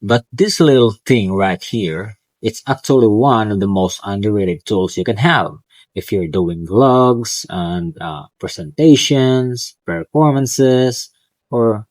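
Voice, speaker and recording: A man's voice: on the low side, slow pace, darkish tone, dry recording. A male student vlogger casually and eagerly talking through his home tech, with small slips and restarts. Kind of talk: casual tech vlog talk. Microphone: clip-on wireless mic.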